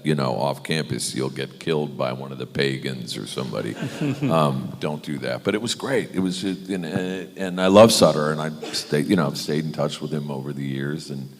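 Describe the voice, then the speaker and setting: A middle-aged American man, a guest on a convention panel, telling anecdotes in an animated way, mimicking other people and often laughing. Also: very deep voice, normal speed, a little hiss or hum. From United States. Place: large convention hall. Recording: convention hall reverb.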